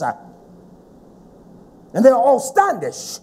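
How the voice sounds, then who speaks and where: Male preacher, high lively voice, dramatic sermon, dark mellow tone. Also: a little slow, long pauses. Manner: dramatic, repetitive, rising to shouts.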